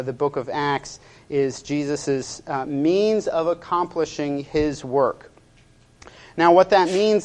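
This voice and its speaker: Halting male pastor preaching. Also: on the high side, darkish tone. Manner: hesitant, many "uh" fillers, measured delivery. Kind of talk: sermon.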